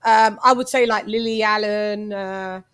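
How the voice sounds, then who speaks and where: A woman's voice: mid-range voice, a little slow, a crowd in the background. A British woman with a British Jamaican accent hosting a casual boxing chat stream, talking animatedly and swearing freely. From Britain. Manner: swears freely, animated, breaks into sung snippets. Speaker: host.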